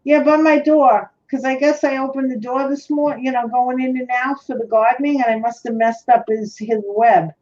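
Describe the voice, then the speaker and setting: A woman's voice: high-pitched, steady tone, normal speed, hardly any pauses, a little mellow. Woman, New York accent, casual livestream chat, muffled audio. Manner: chatty, friendly. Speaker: livestream co-host.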